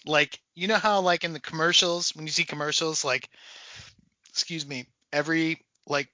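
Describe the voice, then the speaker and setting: A man's voice: a little high, steady tone, moderate pace, bright, forceful tone, dry recording. A man co-hosting a podcast, chatting casually about a film and acting out jokey quotes in silly voices. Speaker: podcast co-host. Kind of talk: casual movie-review chat.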